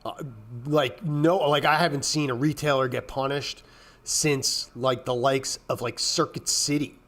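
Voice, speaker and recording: A man hosting a casual trading show, rambling bluntly with profanity and frequent throat clearing, working up into exasperated rants. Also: medium pitch, steady tone, unhurried, fairly bright tone. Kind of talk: casual market commentary.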